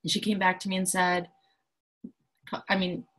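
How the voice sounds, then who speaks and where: A woman's voice: lowish voice, monotone, normal speed, a bit bright, poor audio. A woman who runs a coaching school, explaining her programs in an enthusiastic, self-assured, chatty way. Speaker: empowerment coach and school founder. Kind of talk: promotional explainer talk.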